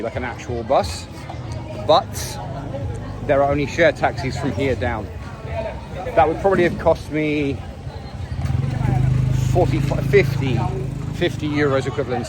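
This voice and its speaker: A man talking in a casual, wry travel vlog while walking outdoors on a busy city street. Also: medium pitch. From England. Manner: chatty, wry and self-mocking. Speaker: travel vlogger. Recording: noisy outdoor street recording. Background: street traffic and city noise.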